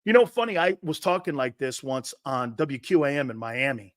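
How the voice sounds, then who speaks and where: A man's voice: mid-range voice, big pitch swings, normal speed, no echo, studio quality. A man hosting a live sports talk show, reading viewer comments and ranting in a brash, profane, fired-up way.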